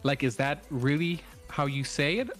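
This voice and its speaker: A man's voice: on the high side, normal speed, fairly bright tone, soft background music. A man, a curious, easygoing guest in a casual chat who chuckles often. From Texas.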